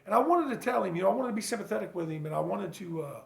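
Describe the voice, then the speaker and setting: A man with a slightly high voice and a gravelly edge speaks bluntly and earnestly, swearing without a second thought. He pauses often and restarts his thoughts as he talks to the camera like a personal vlog. The sound bounces around a bare, echoey room. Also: expressive, darkish tone. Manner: halting, full of fillers and restarts. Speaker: father sharing his recovery story. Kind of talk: casual personal vlog monologue.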